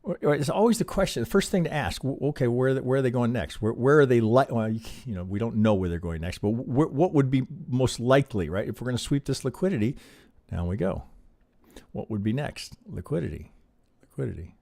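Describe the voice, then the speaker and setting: A man's voice: mid-range voice, expressive, a little fast, gravelly, darkish tone, no echo. A man teaching on a live stream as he reviews trading charts, thinking aloud and checking in with a constant "right?". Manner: peppers talk with rhetorical questions and "right?".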